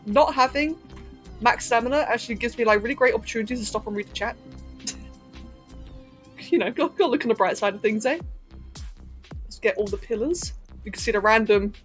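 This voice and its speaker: A woman's voice: on the high side, fairly quick, long pauses, soft background music. Chatty posh London woman streamer. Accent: posh London English, slightly Californian-tinged. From England. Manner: chatty, giggly, answers chat while playing. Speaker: livestreamer. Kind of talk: casual gaming livestream chat.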